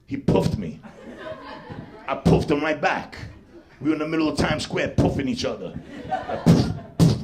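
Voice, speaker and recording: A man's voice: a little high, normal speed, pauses often, crowd noise. A man doing a brash, profane live stand-up set in a comedy club. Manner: brash, profane street-talk delivery with put-on voices. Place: comedy club stage with laughing audience.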